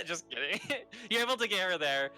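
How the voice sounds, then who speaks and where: Bright-voiced young game master. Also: male voice, high-pitched, sing-song, moderate pace. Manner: casual, laughs often, lots of fillers. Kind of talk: narrating a tabletop game.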